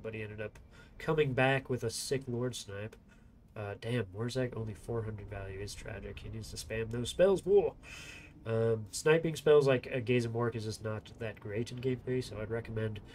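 A man's voice: on the low side, vocal fry, a little mellow, a little hiss or hum. A man with a nasal, congested voice giving rambling, self-deprecating live-stream commentary on a strategy game tournament. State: congested sinuses.

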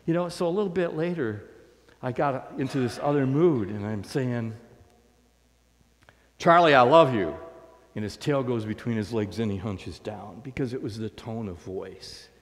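A man's voice: medium pitch, moderate pace, dark tone. Conversational male pastor in a reverberant church. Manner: conversational, storytelling. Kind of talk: sermon. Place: church sanctuary.

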